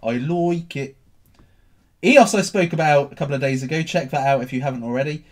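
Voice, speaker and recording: A man hosting a casual livestream about crypto, answering viewer questions in a cheeky, animated way. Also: a little high, a little fast. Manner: animated and cheeky, swinging between loud bursts and mutters.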